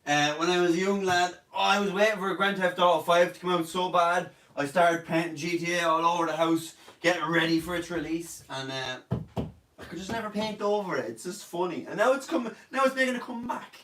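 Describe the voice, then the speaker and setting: Sick in bed, a young Irish man who is an online comedian hosts a casual live Q&A stream, joking and boasting as he reads out viewer comments. His high-sitting voice is brisk and a bit bright, sounding roomy and distant from the mic, with slight background noise.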